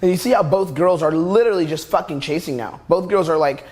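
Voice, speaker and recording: A man's voice: on the high side, fast, few pauses, darkish tone. A young man coaching on dating, talking bluntly and crudely over video footage. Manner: blunt, crude, repeats "literally".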